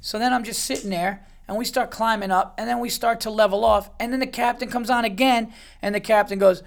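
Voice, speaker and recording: Man, podcast host, casual comic storytelling, rambling, lots of swearing, slightly high voice. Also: steady tone, a little fast, gravelly. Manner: rambling, profane, heavy on fillers.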